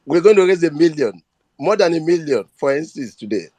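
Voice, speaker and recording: A man's voice: fairly high pitch, lively intonation, brisk, a little mellow, no room sound. A man with a Nigerian accent speaking earnestly and emotionally on a live audio chat, often repeating himself. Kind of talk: impassioned appeal.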